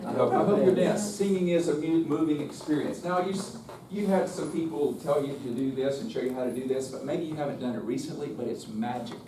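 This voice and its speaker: A man runs a live choral workshop, talking fairly quickly with hardly any pauses in a mid-range voice. He's chatty and keeps interrupting himself, now and then breaking off to sing short demonstrations. The recording sounds roomy and distant, like a live room, with a noisy background.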